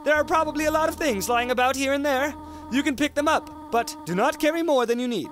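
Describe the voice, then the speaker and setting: A man voicing a gentle, motherly female goat caretaker in a formal, polite way. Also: very high-pitched, fairly quick, background noise, pitched above the performer's own voice. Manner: polite, formal, softly reading text aloud.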